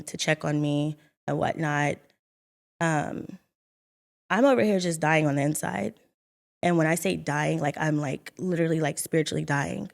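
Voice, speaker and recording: A young woman in an earnest, halting, reflective telling of her personal faith testimony. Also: low-pitched, gravelly. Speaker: vlogger sharing her story.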